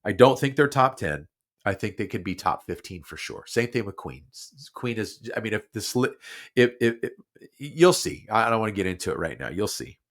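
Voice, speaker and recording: A man's voice: on the low side, brisk. Stuffed-up man hosting a talk show. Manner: animated, repeats himself, many restarts. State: stuffed-up nose. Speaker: podcast host. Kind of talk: casual talk-show commentary. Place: studio.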